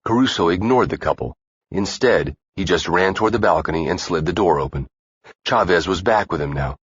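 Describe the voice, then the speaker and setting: Give me a low-voiced man reading a thriller audiobook steadily, muffled lo-fi sound. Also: animated, fairly quick, slightly rough, dry recording. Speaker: audiobook narrator. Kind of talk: scripted thriller narration. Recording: dull dry lo-fi recording.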